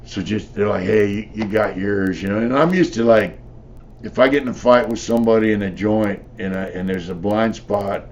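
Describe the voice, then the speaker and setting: A man's voice: lowish voice, a little fast, a little hiss or hum. An older man, a former prisoner, telling his stories in a blunt, profane, rambling way with lots of "you know.". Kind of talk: casual storytelling.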